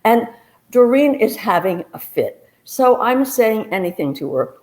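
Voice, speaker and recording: A woman private detective telling a personal story on stage in a lively way, acting out what people said. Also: a little high, measured pace, poor audio. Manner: lively storytelling, acts out quotes.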